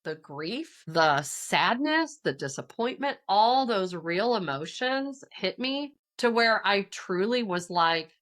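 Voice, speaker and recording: A woman who is a counselor and author, a podcast guest telling a personal story with lively quoted voices. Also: mid-range voice, slow, hardly any pauses. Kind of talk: casual podcast conversation.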